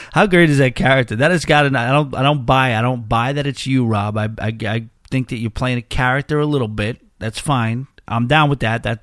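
A man's voice: medium pitch, dry recording, studio quality. A man hosting a podcast, chatting casually in a loose, rambling way, with many restarts. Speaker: podcast host.

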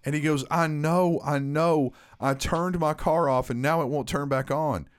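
Animated swearing man telling a story. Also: fairly high pitch, measured pace, clear, resonant tone. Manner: animated, swearing, acts out quotes. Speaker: podcast co-host. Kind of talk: casual storytelling chat.

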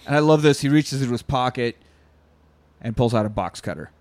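A man casually recapping a film plot in chat, animated and often laughing. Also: medium pitch, a little fast, dry recording. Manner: animated retelling, acts out quotes with laughs. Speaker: podcast co-host.

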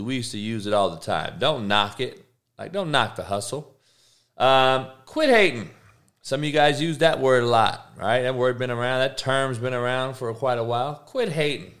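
A man hosting his own podcast, rambling casually and profanely, with big swings in pitch as he gets worked up. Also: fairly bright tone. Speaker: podcast host; coach. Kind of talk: casual solo podcast rant.

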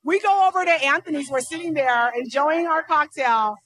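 A woman co-hosting a podcast, telling a story in animated casual chat and acting out the quotes. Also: sits high, moderate pace. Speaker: podcast co-host.

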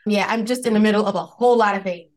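A woman's voice: medium pitch, quick pace. A woman in her thirties from the Bronx with a Bronx New York accent, chatting expressively as a podcast guest and laughing often. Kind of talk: casual interview chat.

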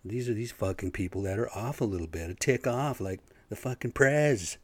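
Man, low voice, dry sound, swearing, agitated rambling rant. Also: moderate pace, hardly any pauses, husky, no echo. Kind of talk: casual solo rant.

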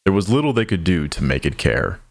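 A man narrating an audio drama in a measured, somber storytelling manner. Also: deep voice, big pitch swings, vocal fry.

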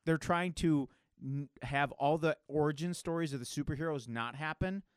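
A man's voice: on the high side, normal speed, smooth, no room sound, clean studio sound. A man co-hosting a podcast, talking about comics casually and enthusiastically, rambling with many fillers. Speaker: podcast co-host. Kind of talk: casual comic book chat.

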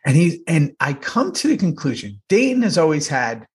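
Brief: chatty actor host, profane storyteller, voice sits a touch high. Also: male voice, big pitch swings, normal speed. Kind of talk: casual rewatch chat.

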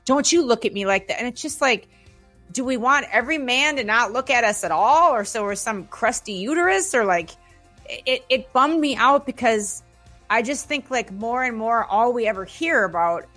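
A woman's voice: fairly high pitch, expressive, normal speed, fairly bright tone. A woman hosting a loose, casual conversation, drifting from one anecdote to the next. She swears freely and talks in a chatty, meandering way, with a little music playing faintly in the background. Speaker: host. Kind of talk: casual chat.

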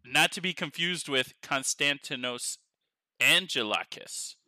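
A man co-hosting a podcast in casual chat, rambling excitedly and laughing often. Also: fairly high pitch, unhurried, no room sound. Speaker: podcast co-host. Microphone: headphones on, podcast mic.

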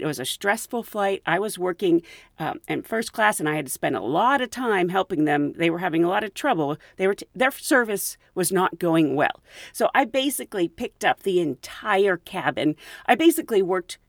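A woman hosting a podcast, telling stories from her work as a flight attendant in an animated way and often laughing. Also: mid-range voice, gravelly, no room sound, studio quality. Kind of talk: anecdotal storytelling.

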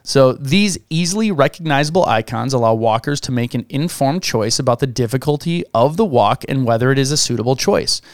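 Male podcast co-host from the US, smooth clear tone, close dry mic; reads facts, laughs easily. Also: medium pitch, expressive, a little fast, hardly any pauses, no echo. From United States. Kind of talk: casual chat reading research notes.

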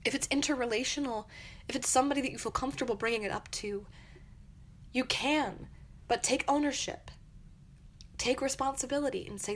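Young woman podcaster, earnest and encouraging, bit high voice, faint hiss in the background. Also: brisk. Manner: earnest, encouraging, acts out angry quotes. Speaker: podcast host. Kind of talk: reflective advice monologue.

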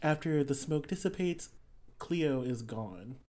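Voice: medium pitch, animated, slow pace, mellow. A player describing their character's actions in a tabletop game, hesitant and full of fillers.

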